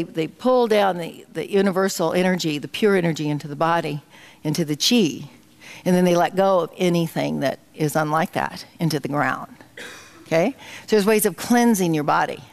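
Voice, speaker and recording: Woman minister preaching, gravelly voice, leads the room in affirmations. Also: lowish voice, moderate pace. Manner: leads the congregation in spoken affirmations. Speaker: guest minister. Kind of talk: sermon with guided meditation. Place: community center hall.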